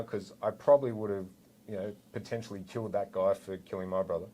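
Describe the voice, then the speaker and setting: A man's voice: on the low side, brisk, poor audio. Australian man telling a story casually. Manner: animated, acts out quotes. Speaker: podcast co-host, former police officer.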